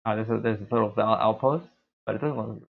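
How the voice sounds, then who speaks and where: A gaming streamer gives casual gameplay commentary, rambling and making fun of his own voice. He talks briskly in a lowish, creaky voice with a breathy edge, and the recording has a tinny, phone-like sound.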